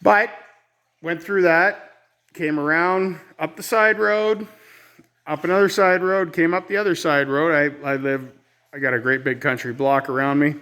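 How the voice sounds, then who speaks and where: A man's voice: a little high, steady tone, moderate pace, pushed and bright. A man from Ontario, telling a rambling, exasperated story in a casual outdoor vlog on his rural homestead. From Ontario, Canada. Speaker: vlogger.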